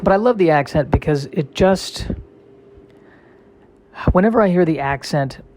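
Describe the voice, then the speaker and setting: A man's voice: a little high, lively intonation, a little slow, a little mellow, a little hiss or hum. Wry rambling male comedian. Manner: rambling, self-deprecating, wry. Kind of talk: casual solo comic monologue.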